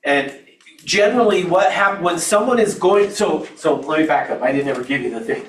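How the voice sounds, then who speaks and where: A man's voice: fairly high pitch, unhurried, fairly bright tone, a little hiss or hum. A man training real estate agents in a live class, talking in a conversational way with restarts and asides. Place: training room. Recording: echoey room, speaker far from mic.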